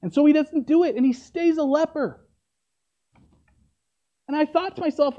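A male preacher tells a story in a casual, conversational way, often tossing in "right?". His voice is mellow and swings widely in pitch. The recording sounds dull and lo-fi. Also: big pitch swings, unhurried, pauses often. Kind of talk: sermon storytelling.

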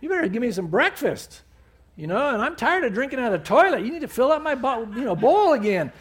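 A man voicing a cocky male pet dog that bossily demands breakfast in a loud, high voice. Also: very animated, fast, husky, heavily acted. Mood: demanding.

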